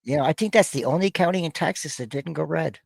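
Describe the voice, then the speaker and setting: A man's voice: a little high, lively intonation, quick pace, vocal fry, no echo. Gen x guy hosting a podcast, swears a lot, trips over his words, dry close sound. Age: 40s to 50s. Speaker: podcast host. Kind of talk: casual reaction-show banter.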